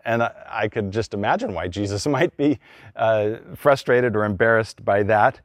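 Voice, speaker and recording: A man's voice: lowish voice, normal speed, dry recording, clean studio sound. A middle-aged man, a pastor, preaching a conversational sermon and acting out the people he quotes.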